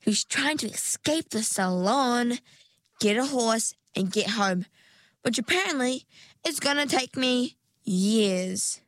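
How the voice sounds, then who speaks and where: Woman putting on a young mermaid girl, higher lighter voice, eager and dreamy, storybook reading, dry close sound. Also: expressive, takes it slowly, a bit bright, no room sound. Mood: earnest. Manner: eager, breathless, lifts high on questions. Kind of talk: storybook character voice.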